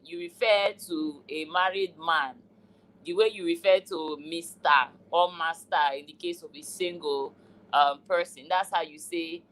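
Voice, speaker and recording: Low-voiced Nigerian woman hosting. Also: a bit bright, poor audio. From southern Nigeria. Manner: measured, many pauses and fillers. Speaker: meeting host. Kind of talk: online community meeting.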